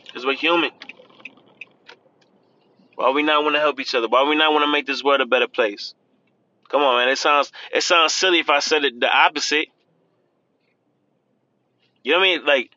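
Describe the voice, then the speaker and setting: A man's voice: on the high side, sharp tone, dry recording, muffled recording. A man giving casual, earnest pep talk while driving, repeating himself and calling the listener "man". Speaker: podcast host. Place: in a car, driving.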